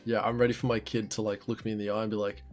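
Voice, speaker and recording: A man's voice: lowish voice, flat delivery, racing, a little mellow, faint music behind. A man, co-hosting a casual podcast in a chatty, self-deprecating way. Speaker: podcast co-host. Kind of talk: casual chat.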